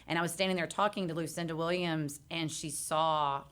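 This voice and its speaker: Middle-aged texan woman, kinda low voice, telling upbeat stories as a guest. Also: steady tone, fairly quick, a bit bright. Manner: storytelling, upbeat. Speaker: lead singer and guest. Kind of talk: casual chat.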